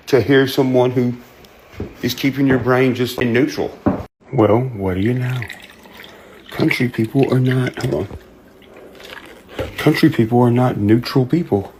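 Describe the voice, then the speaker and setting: A man's voice: mid-range voice, noisy background. A man with a Southern US accent, talking bluntly in a folksy, plain-spoken monologue. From American South. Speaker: host. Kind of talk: casual monologue.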